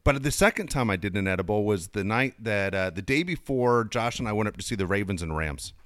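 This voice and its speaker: A man's voice: lowish voice, lively intonation, a little fast, fairly bright tone, no room sound, clean studio sound. A man in casual chat, laid-back and swearing freely as he tells his own story.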